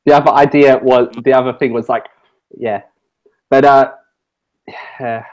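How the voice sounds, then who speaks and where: A man's voice: mid-range voice, fairly even intonation, measured pace, a little mellow, rough recording. A man with an Australian accent hosting a casual podcast chat, rambling with many restarts. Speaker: podcast host.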